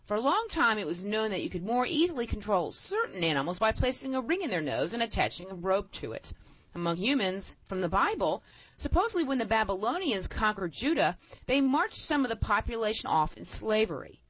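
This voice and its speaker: A woman's voice: mid-range voice, very animated, brisk, a bit bright, breathy edge, no room sound. A woman telling tall tales in a playful, folksy storytelling manner and explaining word origins. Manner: playful folksy yarn-spinner. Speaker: storyteller and co-host. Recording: dull lo-fi recording, dry.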